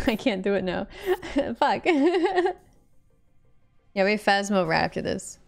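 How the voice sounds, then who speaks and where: A woman's voice: medium pitch, sing-song, slow pace, vocal fry, soft background music. A woman streaming a game with friends, chatting casually and laughing between lines. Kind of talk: casual gaming voice chat.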